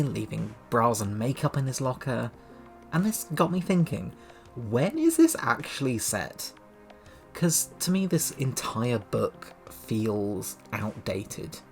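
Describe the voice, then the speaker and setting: A man with a mid-range, slightly mellow voice casually reviews a novel, chatty and sardonic. He reads passages aloud and laughs often as he comments on the book.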